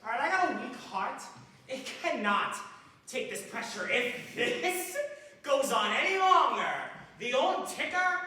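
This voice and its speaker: A woman playing a frantic, fussy best man who frets about his weak heart, pleading fast, recorded from far off in an echoey theater with audience noise. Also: high-pitched, expressive, sharp tone, exaggerated voice. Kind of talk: stage musical acting.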